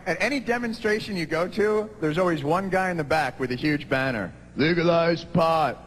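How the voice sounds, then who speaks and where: A man, doing a stand-up comedy routine and rising to shouted punchlines. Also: high voice, brisk, a little hiss or hum. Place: large theater stage before a live audience. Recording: long hall reverb, audible audience.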